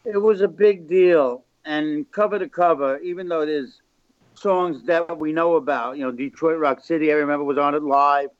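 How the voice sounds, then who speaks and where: In a casual interview, an older record label founder rambles through anecdotes as a guest in a gravelly, chatty way. His voice sits a little high with a steady tone and normal speed, on a slightly muffled, dry recording without echo.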